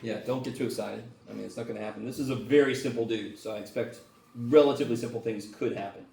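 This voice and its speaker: A man's voice: medium pitch, steady tone, fast, gravelly, dark tone, a little hiss or hum. A man teaching a university math class, casual and joking, swearing freely as he explains. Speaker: math lecturer. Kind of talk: classroom lecture. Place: lecture classroom. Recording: echoey classroom from far off.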